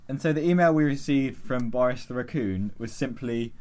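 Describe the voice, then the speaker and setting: A man hosting a casual podcast, reading listener emails aloud in a dry, deadpan way. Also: medium pitch, moderate pace. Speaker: podcast host.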